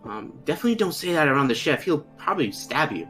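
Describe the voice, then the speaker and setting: A man voicing a nervous young female servant in a tabletop game, talking fast and worried. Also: fairly high pitch, very animated, fairly bright tone, faint music behind, pitched above the performer's own voice. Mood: anxious.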